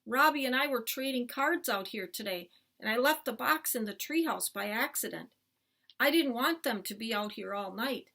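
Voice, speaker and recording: A woman's voice: on the high side, animated, moderate pace, gravelly, sharp tone, full character voice. A woman voicing an earnest, sneaky young boy in a storybook read-aloud. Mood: nervous.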